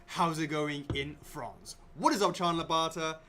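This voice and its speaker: An upbeat man hosting a casual live stream, calling out viewer names one after another. His voice sits a little high. A faint rumble hums underneath. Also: pushed and bright. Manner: upbeat, greets viewers by name in quick succession. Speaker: livestream co-host.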